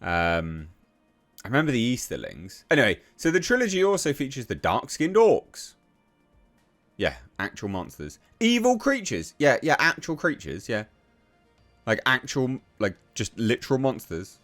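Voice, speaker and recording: A man's voice: medium pitch, very animated, moderate pace, fairly bright tone, faint music behind. An English man giving ranting commentary on a news article, reading passages aloud and then reacting with blunt, profane scorn. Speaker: online commentator.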